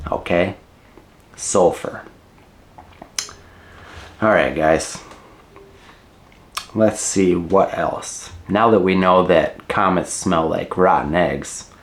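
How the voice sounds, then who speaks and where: A middle-aged man gives a relaxed English lesson, his voice sitting on the lower side. He talks slowly and deliberately, repeating key words and slipping in jokey asides. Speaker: English teacher.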